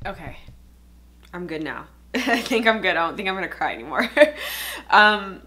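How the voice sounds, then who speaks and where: A woman's voice: on the low side, animated, moderate pace, long pauses, pushed and bright. A young woman chatting casually while doing her makeup, emotional and tearful, laughing nervously through it. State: crying. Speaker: beauty vlogger. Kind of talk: casual get-ready-with-me chat.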